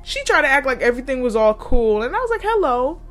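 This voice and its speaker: A woman's voice: high voice, sing-song, quick pace, a bit bright, soft background music. Profane young woman telling a heated story. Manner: profane, heated and blunt, with laughs. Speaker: podcast host. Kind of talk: casual storytelling rant.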